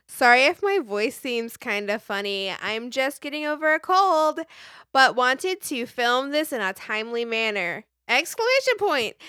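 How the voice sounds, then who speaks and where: A woman's voice: sits high, sharp tone, no room sound, studio quality. A woman co-hosting a casual podcast, joking, swearing freely and reading a fan's video description aloud, punctuation included. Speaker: podcast co-host. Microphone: mic on a stand.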